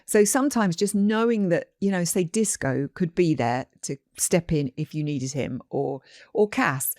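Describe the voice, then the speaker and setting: A middle-aged woman co-hosting a casual podcast chat, giving gentle, reassuring advice. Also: lowish voice, measured pace, no echo, clean studio sound. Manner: warm, reassuring, soft-spoken advice. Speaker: podcast co-host.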